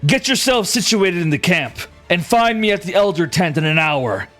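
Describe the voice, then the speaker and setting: A man's voice: high voice, lively intonation, moderate pace, fairly bright tone, faint music behind. A man voicing a proud, commanding male orc chieftain who bellows his declarations in a tabletop game. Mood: hearty commanding. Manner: bellowing, proclaiming.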